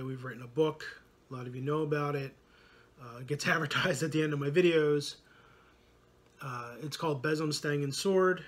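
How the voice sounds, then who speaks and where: A man's voice: fairly high pitch, fairly bright tone. A man, likely in his thirties, talking casually to camera in a rambling vlog, full of fillers and self-corrections. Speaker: podcast co-host and vlogger.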